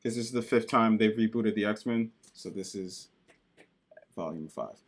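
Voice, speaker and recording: A podcast co-host with a fairly low voice reviews comics in an excited, profane, casual chat. He slips into quick bits where he acts out the characters.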